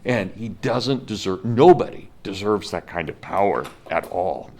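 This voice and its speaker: A man's voice: fairly low pitch, lively intonation, measured pace, a little mellow. A man in his fifties giving a college history lecture, speaking with passion and emphasis and talking directly to his students. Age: 50s. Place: classroom.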